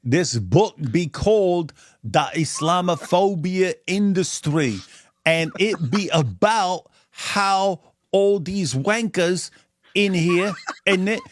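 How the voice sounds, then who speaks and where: A swaggering young street poser drawls in an exaggerated mock London slang, as a man puts it on to mock a debater. The voice sits high and moves slowly. The sound is dry and close. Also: expressive, no room sound. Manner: mocking, drawled, laughing through it. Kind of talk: mocking impression.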